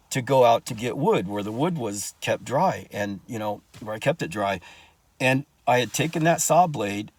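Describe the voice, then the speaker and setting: A man's voice: on the low side, no echo. A man telling a personal story in a rambling, profane way, often restarting his sentences.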